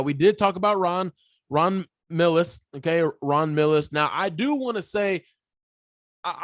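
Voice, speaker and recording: A man from Texas hosting a casual sports podcast, playful and animated, jumping from topic to topic. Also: fairly high pitch, dry recording, studio quality. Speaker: podcast host.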